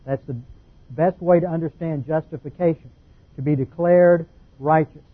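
A man's voice: a little high, steady tone, moderate pace. A man giving an expository Bible lesson, explaining word meanings methodically and stressing key points. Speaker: Bible teacher. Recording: tinny phone-like sound.

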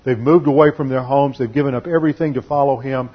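A husky-voiced man preaches an expository Bible lesson at a measured, deliberate pace, slowing down to lean on key phrases. The recording sounds dull and lo-fi. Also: medium pitch, steady tone. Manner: measured, deliberate teaching delivery with slowed emphasis on key phrases. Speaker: pastor. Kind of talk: expository Bible teaching sermon.

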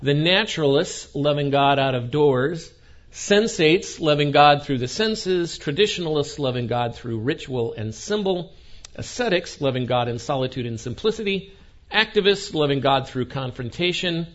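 Male preacher, storytelling sermon, wry humor, lively swinging pitch, muffled lo-fi recording. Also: moderate pace. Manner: wry, animated storytelling with acted quotes. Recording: dull lo-fi recording.

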